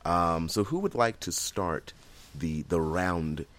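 A man's voice: low-pitched, slow pace, a bit bright. A man co-hosting a podcast in casual chat, talking enthusiastically with lots of fillers and restarts. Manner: rambling, many fillers and restarts. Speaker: podcast co-host.

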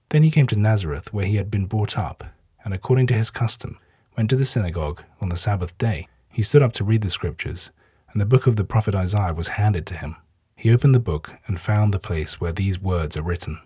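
A man reads scripture aloud at a steady, measured pace. His voice is low and dark with a husky edge. The recording is dry and close. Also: dry recording. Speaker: scripture reader. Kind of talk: scripted Bible narration.

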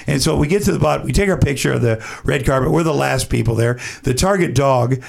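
A man telling an animated, profanity-laced anecdote as a podcast guest, acting out what others said. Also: mid-range voice, quick pace, creaky. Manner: acts out other people's lines. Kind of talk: casual storytelling.

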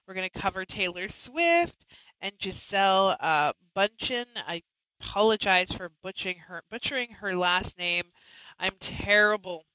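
Woman host rambling casually, crisp bright voice. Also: mid-range voice, animated, normal speed, no room sound, low-quality recording. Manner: chatty, restarts and apologizes often. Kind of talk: casual chat.

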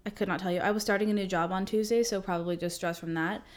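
A woman's voice: mid-range voice, fast talker. A young woman co-hosting a podcast, chatting casually, giggling and retelling her own stories with acted-out quotes. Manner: giggly, storytelling, animated retelling. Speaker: podcast co-host. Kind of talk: casual chat.

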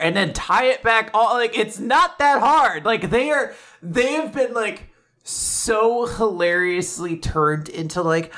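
High bright-voiced man ranting. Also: expressive, a little slow. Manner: incredulous, profane ranting commentary. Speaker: podcast co-host. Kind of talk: casual chat reacting to manga.

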